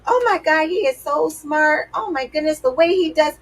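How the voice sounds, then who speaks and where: A woman's voice: high-pitched, normal speed, a bit bright, far from the mic, pitched above the performer's own voice, low-quality recording. A woman voicing a doting mother who gushes sweet praise at her husband in a sing-song way. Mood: cooing.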